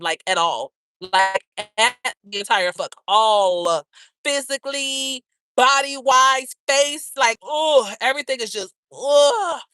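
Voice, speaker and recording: A woman with a bright, forceful voice, a little high, trash-talking and gossiping on a live stream. She is brash and profane and keeps calling the viewers girl, baby and honey. Her voice sounds close and dry. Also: no room sound. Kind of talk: casual chat with viewers.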